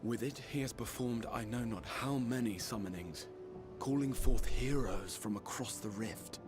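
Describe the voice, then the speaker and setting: A man streaming a game reads the lines of an earnest, noble young male mage leader in a solemn, measured way. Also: mid-range voice, natural voice. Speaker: streamer reading game dialogue aloud. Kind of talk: fan voice reading of game cutscene lines. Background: game music.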